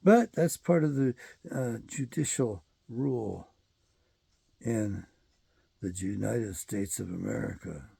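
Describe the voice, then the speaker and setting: A man's voice: on the low side, takes it slowly, creaky, long pauses, dark tone, husky, no echo. A man hosting his own show, delivering a rambling, profane and emphatic solo commentary monologue. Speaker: show host.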